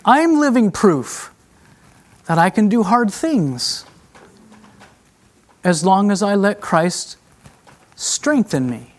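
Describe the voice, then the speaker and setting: A middle-aged traveling preacher with a high voice is very animated yet slow, leaving long pauses in his emotional, confessional sermon. He swings from hushed to raised delivery and refers to the congregation as friends.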